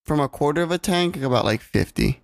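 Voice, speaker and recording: A man's voice: fairly high pitch, lively intonation, brisk, vocal fry. A man co-hosting a casual podcast, laid-back and loose, with lots of fillers and free swearing. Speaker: podcast co-host. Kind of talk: casual chat. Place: California home recording.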